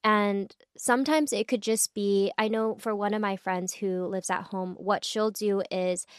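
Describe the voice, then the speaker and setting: A woman in her late twenties co-hosting a podcast, speaking calmly and deliberately in casual chat. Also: medium pitch, clean tone, dry recording, studio quality. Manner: listens with soft mm-hmms, speaks calmly and deliberately. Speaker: podcast co-host.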